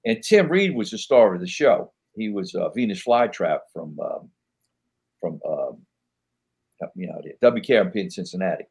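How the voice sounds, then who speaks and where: Husky older man telling stories. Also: low-pitched, sing-song, normal speed, darkish tone. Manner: rambling anecdotes with many fillers, acts out quoted people. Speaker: podcast guest, actor. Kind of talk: casual interview storytelling.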